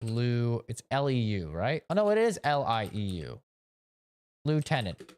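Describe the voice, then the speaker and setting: A man from Canada ranting on a live game stream, opinionated and animated, spelling words out letter by letter. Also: medium pitch, normal speed, smooth, no echo. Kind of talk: casual rant during a live game stream.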